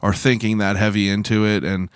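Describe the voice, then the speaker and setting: A man hosting a podcast, asking questions in a relaxed, agreeable casual chat. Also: on the low side, a little fast, smooth, no echo, clean studio sound. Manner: laid-back, agreeable interviewer with frequent affirmations. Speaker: podcast host.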